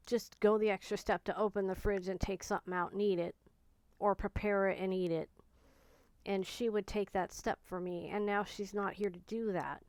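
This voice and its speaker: A woman talking candidly in a personal vlog, grieving and low on energy, rambling with fillers. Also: clean tone, dry recording. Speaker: vlogger.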